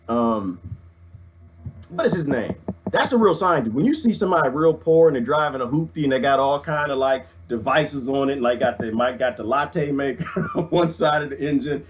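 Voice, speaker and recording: A middle-aged man, ranting excitedly to his viewers, preaching and swinging his handheld mic as he talks. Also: a little high, a little hiss or hum. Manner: swings the mic around while talking. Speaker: vlogger. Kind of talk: excited casual rant.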